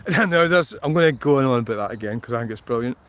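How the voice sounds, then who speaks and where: A man's voice: medium pitch, expressive, fast, fairly bright tone. A middle-aged man with a Scottish accent, chatting bluntly and swearing on a rambling livestream from a field, laughing often. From Scotland. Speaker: vlogger. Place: outdoors in a field.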